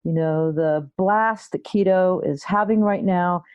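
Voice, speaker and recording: Slow, mellow-voiced middle-aged woman. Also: fairly low pitch, smooth, no room sound. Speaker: guest host, health psychology coach. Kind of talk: podcast monologue.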